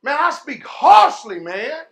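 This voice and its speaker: A pastor with a high voice for a man preaches to his congregation. He stretches words slowly, then breaks into loud shouts before dropping low and quiet. His talk is folksy, full of "man" and "y'all.". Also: big pitch swings, vocal fry. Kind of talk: sermon.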